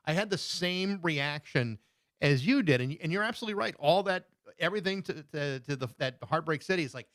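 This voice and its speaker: A man hosting a music podcast, chatting in an excited, conversational way. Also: fairly high pitch, fairly quick, no room sound. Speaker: podcast host. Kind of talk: casual interview chat.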